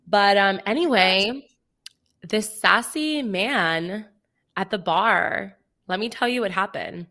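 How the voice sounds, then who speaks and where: A young woman with a bright, forceful voice tells a story on a casual podcast. She acts out what everyone said and fills her talk with "like." The delivery is animated and chatty. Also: medium pitch, slow. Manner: animated storytelling, acting out quoted dialogue, frequent "like". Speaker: podcast co-host. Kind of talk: casual chat.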